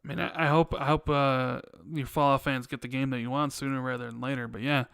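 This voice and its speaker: A man's voice: medium pitch, steady tone, quick pace, creaky, a bit bright, clear, resonant tone, dry recording, studio quality. A man hosting a gaming podcast, asking questions in a hesitant, casual way. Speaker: podcast host. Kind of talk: casual chat.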